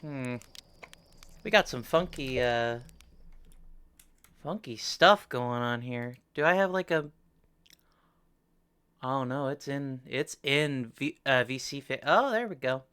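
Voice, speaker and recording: A young woman chats her way through a live game stream, playful and a little jokingly whiny. Her voice sits low but swings widely in pitch. She talks at an unhurried pace. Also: lively intonation, fairly bright tone, clear, resonant tone. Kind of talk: casual live-stream chat.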